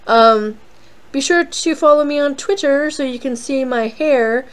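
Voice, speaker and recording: A woman's voice: high voice, measured pace, poor audio. A young woman hosting a casual game playthrough, rambling and self-deprecating with lots of fillers. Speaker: let's play host.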